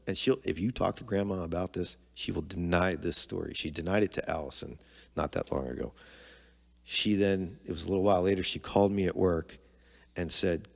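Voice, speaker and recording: A middle-aged man with a very low voice tells a personal story in a candid, conversational way. He slips into the voices of the people he quotes, and the recording carries a long, lingering reverb. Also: brisk, vocal fry. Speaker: podcast guest, father of the host.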